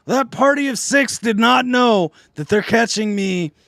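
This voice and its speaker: A man hosting a live music reaction stream, hoarse and nearly voiceless, chatting casually with his viewers and reading out their messages. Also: extremely high pitch, measured pace, a bit bright, no room sound, studio quality. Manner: chatty, talks straight to viewers, reading out chat.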